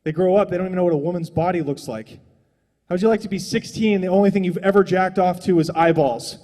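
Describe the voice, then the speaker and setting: A man's voice: high-pitched, quick pace, mellow, big-room sound. Profane rambling stand-up man. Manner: rambling, profane, conversational delivery. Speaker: stand-up comedian. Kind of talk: stand-up comedy set. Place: small comedy stage, filmed live.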